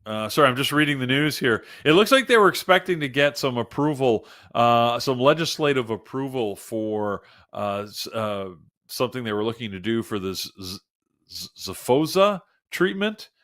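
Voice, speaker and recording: Male live-stream trading host, bright forward tone, loose chatty delivery. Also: medium pitch, lively intonation, normal speed. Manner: casual, chatty, self-interrupting while reading news. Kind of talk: live market commentary.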